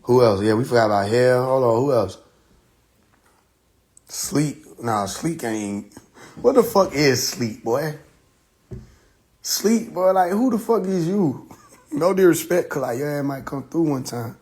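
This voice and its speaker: A man's voice: medium pitch, unhurried, darkish tone. Man, livestream host, joking rant, swears a lot, laughs often, phone mic. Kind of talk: casual livestream chat.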